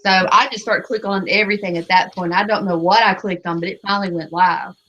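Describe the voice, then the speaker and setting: A woman's voice: mid-range voice, fairly even intonation, fast talker, a bit bright, highs cut off. A woman in a casual group chat, laughing at herself as she explains what she did. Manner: giggly, self-deprecating.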